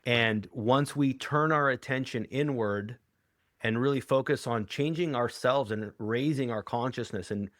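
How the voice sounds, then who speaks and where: A man's voice: mid-range voice, a little slow, no room sound. Earnest reflective man, dry sound. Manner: earnest, reflective, acts out quoted lines. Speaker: guest, hypnotherapist and author. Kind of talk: conversational interview.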